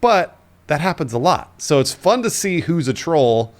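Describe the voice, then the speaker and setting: A man in his thirties co-hosting a podcast, telling his own stories in an earnest, animated casual chat. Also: fairly high pitch, normal speed. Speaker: podcast co-host.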